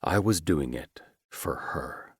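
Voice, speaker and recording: A man narrating a first-person romance audiobook in a measured, deliberate, quietly menacing manner. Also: extremely low pitch, expressive, husky, no echo, studio quality.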